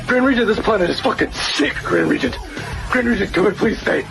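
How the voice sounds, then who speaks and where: A man playing a gravelly pleading alien envoy. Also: sits high, animated, a little fast, music in the background. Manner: pleading, repeats a title. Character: male alien envoy, giddy, begging to stay.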